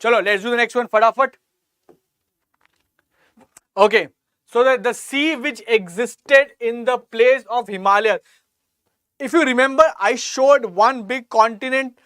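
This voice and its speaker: A man's voice: high-pitched, sharp tone, clear, resonant tone, dry recording. A man with an Indian English accent teaching a live online quiz class, encouraging students by name and repeating each question. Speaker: exam coaching teacher.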